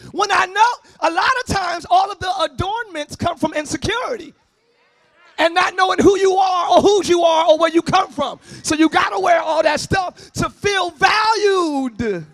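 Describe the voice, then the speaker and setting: A man preaching a sermon as pastor, often shouting. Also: very high voice, measured pace, vocal fry, dry recording. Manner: shouting, sing-song preaching with call-and-response. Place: church service, before a congregation.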